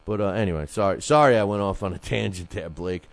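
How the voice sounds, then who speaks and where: A man's voice: deep voice, quick pace, gravelly, no echo. Rambling, fired-up man hosting a boxing show. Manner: rambling, animated, many restarts and fillers. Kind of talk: casual radio-style commentary.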